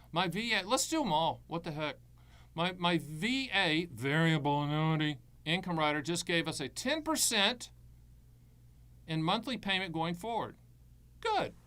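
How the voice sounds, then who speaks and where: A man's voice: a little high, fairly bright tone. A middle-aged man hosting a live Q&A as an annuity advisor, answering viewer questions with breezy, jokey salesman patter.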